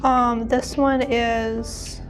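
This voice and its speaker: A woman's voice: fairly high pitch, little pitch movement, drawn-out words, soft background music. A teenage woman co-hosting a podcast, chatting casually with frequent giggles and restarts. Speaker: podcast co-host. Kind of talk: casual chat.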